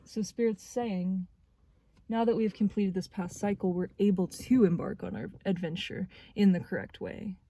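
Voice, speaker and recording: A young woman in her twenties giving a spiritual tarot reading, speaking earnestly and haltingly as she searches for words. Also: mid-range voice, warm tone. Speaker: tarot reader.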